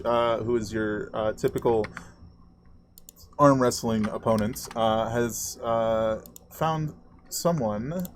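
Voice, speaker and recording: A male game master narrating a tabletop game in a halting way, with many fillers. His voice sits at an ordinary middle pitch. A faint noise runs under the recording.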